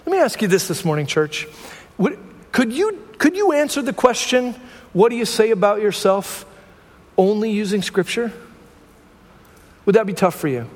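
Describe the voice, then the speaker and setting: A man preaching a sermon to his congregation in a lightly high voice, talking with them in a conversational way and checking in with frequent rhetorical questions. His words ring out with a long reverb from a church sanctuary. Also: very animated, moderate pace, pauses often. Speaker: pastor.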